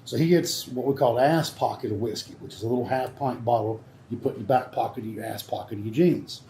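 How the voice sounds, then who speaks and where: A man telling a profane story in lively casual chat. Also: mid-range voice, fast. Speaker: show regular. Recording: echoey room with faint background noise.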